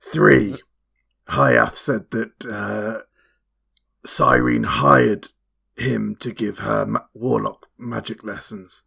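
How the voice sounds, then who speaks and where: A man's voice: lowish voice, steady tone, slow pace, vocal fry, a bit bright, slightly rough. A man playing a tabletop role-playing game, speaking in character in a rambling, jokey way. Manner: rambling, jokey, stumbles into laughter. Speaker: player.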